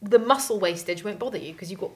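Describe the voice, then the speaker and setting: A woman's voice: mid-range voice, fast talker, darkish tone. A woman co-hosting a podcast, chatting casually and telling rambling anecdotes. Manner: chatty storyteller, rambling restarts. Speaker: podcast co-host. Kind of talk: casual chat.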